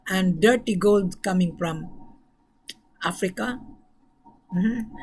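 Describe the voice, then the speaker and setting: A woman's voice: medium pitch, darkish tone, breathy edge, low-quality recording. A middle-aged woman vlogging as a gold trade broker, talking emphatically and repeating points straight to the viewer. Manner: emphatic, repetitive, lectures the viewer directly. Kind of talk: direct-to-camera vlog.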